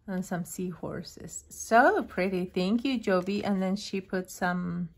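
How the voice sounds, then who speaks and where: A woman hosting her own craft channel, casually unboxing a gift and gushing over each item with soft, admiring remarks and frequent fillers. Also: fairly low pitch.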